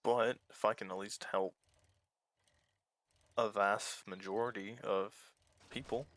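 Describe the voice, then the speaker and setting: A man's voice: lowish voice, fairly even intonation, slow pace, fairly bright tone, no room sound. A man giving casual, rambling let's-play commentary as a small YouTuber, candid and swearing easily. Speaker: small YouTuber playing a game.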